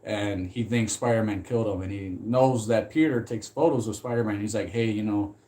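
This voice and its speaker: Rambling, animated man chatting casually. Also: fairly low pitch, brisk. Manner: rambling and animated, swears freely, laughs often. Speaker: movie commentary vlogger. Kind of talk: casual chat.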